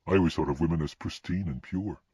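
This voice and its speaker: A man's voice: low-pitched, quick pace, dark tone, breathy edge, no room sound. A man voicing an earnest young man who serves as Death in an audiobook, speaking in a pleading, urgent way. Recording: dull lo-fi recording.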